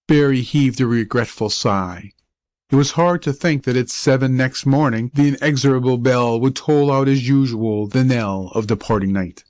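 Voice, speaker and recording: A male audiobook narrator tells a school story in a measured, even reading voice. His voice sits at an ordinary middle pitch. The recording is dry, with no room sound. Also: no echo. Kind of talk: scripted narration.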